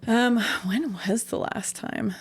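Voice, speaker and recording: Woman, from Canada, interview guest, rambling anecdotes, gravelly. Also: on the high side, takes it slowly, a little mellow. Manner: rambling storytelling, many fillers. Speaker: interview guest, singer-songwriter. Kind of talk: casual interview chat.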